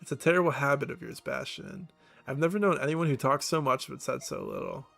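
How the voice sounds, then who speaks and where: A man's voice: medium pitch, a little fast, gravelly, fairly bright tone, soft background music. A man reading the lines of a blunt, impatient male king from a video game.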